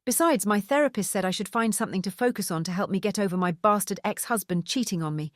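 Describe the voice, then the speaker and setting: A woman voicing a blunt, wealthy, tech-savvy divorcee who explains things briskly in an audiobook. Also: medium pitch, dry recording, studio quality, lightly acted. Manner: brisk, matter-of-fact explaining.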